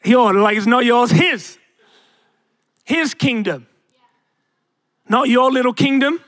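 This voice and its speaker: A man's voice: extremely high pitch, slow, a bit bright, dry recording, studio quality. A young man preaching a sermon as pastor, asking the congregation rhetorical questions and calling out to them.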